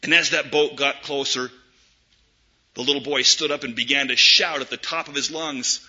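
A man preaching a sermon, swinging from loud emphatic peaks to hushed low asides. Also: steady tone, normal speed, slightly rough. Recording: dull lo-fi recording.

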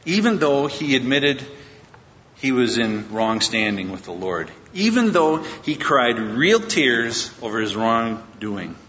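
A man's voice: big pitch swings, slow pace, a bit bright. Man preaching in an echoey church hall. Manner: conversational Bible storytelling, acting out quotes. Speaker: pastor. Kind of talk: sermon. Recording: echoey lo-fi hall recording with faint rumble.

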